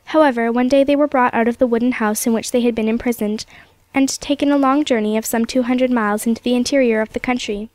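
A woman narrating an old storybook aloud in a steady, measured reading. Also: fairly high pitch, no room sound.

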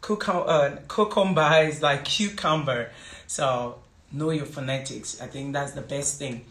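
A woman's voice: rumbling low, a little slow. A woman from Africa, a teacher giving casual advice in a rambling way, repeating words and using many fillers. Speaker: English teacher and vlogger. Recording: roomy echo.

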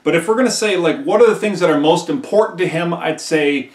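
A man's voice: a little high, fairly quick, roomy sound, recorded from a distance. A male history teacher giving a conversational recorded lecture, who often checks in with "right?" and acts out quotes emphatically.

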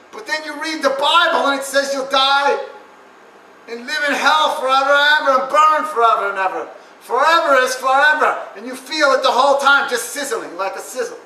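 Guy with a super high voice doing a preachy god rant, rhyming and repeating stuff, cursing, far off the mic in an echoey room. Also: moderate pace, sharp tone. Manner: chanting rhymes and repeating lines over and over; preachy, profane and jeering. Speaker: stand-up performer. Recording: roomy echo, distant mic, faint noise.

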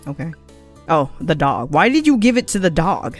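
Young woman, game streamer, animated pitch, casual, swears and laughs, faint game music. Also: moderate pace. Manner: swearing, laughing, reads game text aloud. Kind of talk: casual live game commentary.

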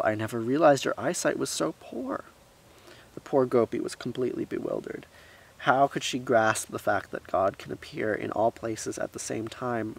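Gravelly low-voiced man reading a story. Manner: lively reading, voicing characters, with asides.

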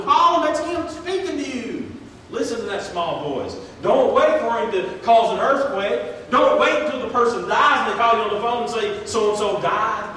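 A man's voice: high-pitched, fairly bright tone, a little hiss or hum. Preacher man in an echoey church. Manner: earnest, folksy preaching with plain everyday grammar; reads scripture aloud in old-fashioned wording. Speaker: pastor. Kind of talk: sermon. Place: church sanctuary. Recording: echoey church hall, voice from far off.

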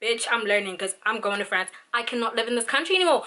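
A woman's voice: fairly high pitch, lively intonation, fast talker, few pauses, sharp tone. A young South African woman vlogging, ranting in an exasperated way with lots of fillers. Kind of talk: venting vlog monologue.

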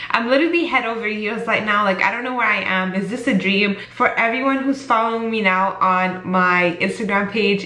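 A woman beauty vlogger talking casually to the camera, gushing and excitable, often repeating herself. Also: medium pitch, reverberant.

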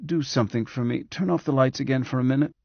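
A man voicing a frail, bedridden cyborg man who speaks in a weak, reedy whisper, slow and hesitant, with a resentful edge. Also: medium pitch, gravelly, breathy edge, no room sound, lo-fi sound, voice pushed up.

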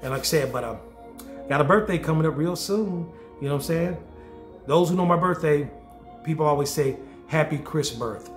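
Brief: man in his forties, high voice, crude comic vlog rant, echoey room, faint music behind. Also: a little fast, pauses often. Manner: loud, joking, playfully crude. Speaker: vlogger and DJ. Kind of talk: casual comedic monologue to camera.

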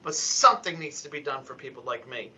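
Emotional man, very bright thin voice. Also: medium pitch, animated, husky. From Philadelphia, US. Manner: emotional, halting, many restarts. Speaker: public commenter at a council hearing. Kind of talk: impassioned unscripted testimony.

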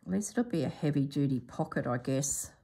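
A woman hosting a sewing vlog who thinks aloud as she works, musing to herself in a soft, half-whispered voice. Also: low voice, animated, brisk, vocal fry, breathy edge. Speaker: sewing channel host.

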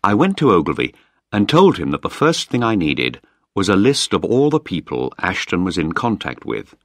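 A man reads a story aloud in a deep voice that rises and falls expressively. He is close to the mic in a dry, dead-quiet space, clear and measured for learners. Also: huge pitch swings, no echo. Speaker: narrator. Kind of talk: graded reader audiobook.

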